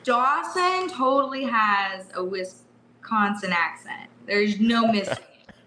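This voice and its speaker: A woman from Washington state co-hosting a casual chat, bubbly and quick to laugh. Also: medium pitch, bright, forceful tone, roomy sound, a little hiss or hum, poor audio. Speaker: co-host.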